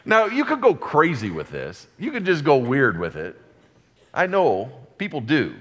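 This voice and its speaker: Fervent preacher with a lively, swinging voice. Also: male voice, medium pitch, a little slow. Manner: fervent, swinging from loud exclamations to hushed asides. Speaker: pastor. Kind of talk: sermon. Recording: long hall reverb.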